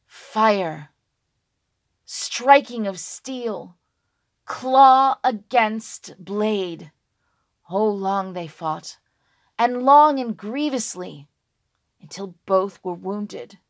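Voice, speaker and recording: A woman telling a dragon folk tale slowly and dramatically, dropping to a hush and rising on key words. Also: mid-range voice, expressive. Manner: slow, hushed and dramatic, with sudden loud words. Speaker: storyteller.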